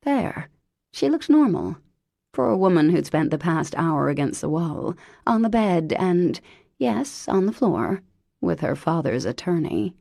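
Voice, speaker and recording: A woman narrating a romance audiobook in a wry, expressive way. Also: lowish voice, measured pace, gravelly, no room sound, studio quality. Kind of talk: scripted narration.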